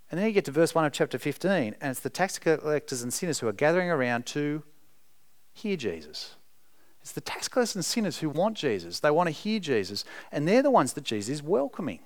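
Male preacher, lively melodic delivery, emphatic and earnest. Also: mid-range voice. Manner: earnest, emphatic, speaks to the congregation directly. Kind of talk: sermon.

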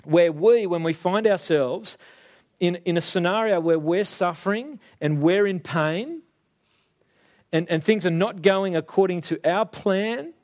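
A young adult man preaching a sermon, animated and acting out the voices of biblical figures. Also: sits high, unhurried.

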